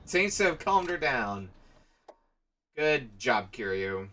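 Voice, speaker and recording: A man chats wryly over his gameplay and jokes at his own expense. His voice is bright and forward. The mic is a little way off, with a faint hum behind. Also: medium pitch, big pitch swings, slow, distant mic. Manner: wry, self-deprecating. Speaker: streamer. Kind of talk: casual gameplay commentary.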